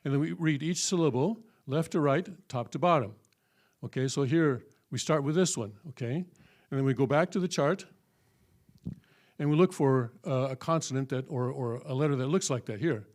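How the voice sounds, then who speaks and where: A man's voice: mid-range voice, moderate pace, a little mellow. A man giving a patient, step-by-step classroom lecture at a church, with many fillers and frequent check-ins with his listeners. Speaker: church teacher. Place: church hall.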